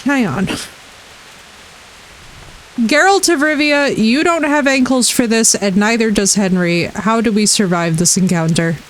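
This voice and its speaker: High-voiced, laughing woman game streamer. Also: a little slow, long pauses, slight background noise, poor audio. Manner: animated, laughing, swearing, chatting with viewers. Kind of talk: live gameplay commentary.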